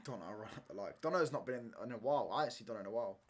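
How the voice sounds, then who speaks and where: A man's voice: mid-range voice, expressive, rapid-fire, husky. A young man, chatting casually through a football watchalong stream in slangy banter, ending lines with "mate" and "bro".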